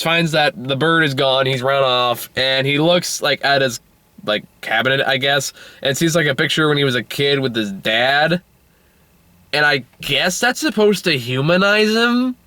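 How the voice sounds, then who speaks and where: Exasperated and profane, a man rants his way through a casual movie review, frequently leaping into high, incredulous outbursts. His tone is bright and forceful, with no echo.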